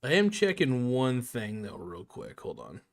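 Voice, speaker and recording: A man's voice: medium pitch, huge pitch swings, a little slow, vocal fry. A man hosting a casual live stream, talking in a laid-back, joking and rambling way, swearing now and then.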